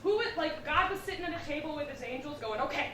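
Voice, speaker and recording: A young woman performing a stand-up comedy set on a theatre stage, telling animated stories with asides to the crowd. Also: sits high, fast talker, distant mic. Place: theatre stage with a live audience. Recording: roomy hall recorded from afar, noisy.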